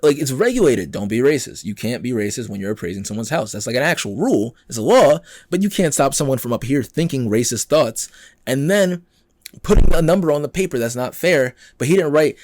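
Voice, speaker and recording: A man's voice: mid-range voice, a little fast, dry recording, clean studio sound. A man hosting a podcast, talking through news stories in a casual, exasperated way and acting out the people he quotes. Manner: animated and exasperated, acts out quoted people, swears freely. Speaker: podcast host.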